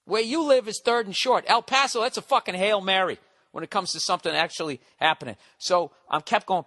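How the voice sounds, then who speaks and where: A man's voice: high-pitched, a little fast, bright, forceful tone, no echo, clean studio sound. Profane ranting comedian man. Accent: Boston. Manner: profane, ranting, mocks a nervous friend. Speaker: podcast host and comedian. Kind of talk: comedic storytelling monologue.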